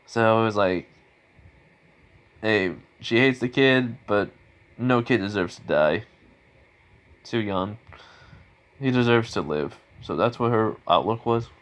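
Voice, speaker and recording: A man's voice: lowish voice, takes it slowly, pauses often. A man improvising a spoken fan story in a rambling, casual way, full of restarts and chuckles.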